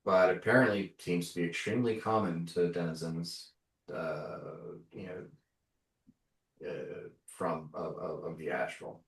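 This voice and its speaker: A man running a tabletop game, explaining lore haltingly while he searches for words. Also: low-pitched. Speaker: game master. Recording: roomy, distant mic.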